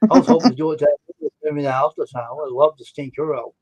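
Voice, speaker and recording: A man's voice: a little high, fairly even intonation, fast talker, mellow, no room sound. A man joking bluntly in casual chat. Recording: dull lo-fi sound.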